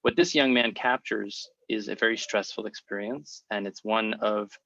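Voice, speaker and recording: Host, man, speech therapist, measured and thoughtful, muffled lo-fi sound. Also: on the low side, fairly even intonation, vocal fry, pushed and bright, no echo. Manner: thoughtful, measured, stretches words to stress a point. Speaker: podcast host, speech-language pathologist. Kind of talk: interview conversation. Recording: slightly dull lo-fi sound.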